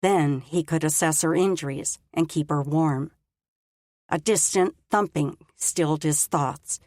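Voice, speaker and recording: A woman narrating a story in a calm, measured audiobook reading. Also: low voice, no echo, studio quality. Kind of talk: scripted narration.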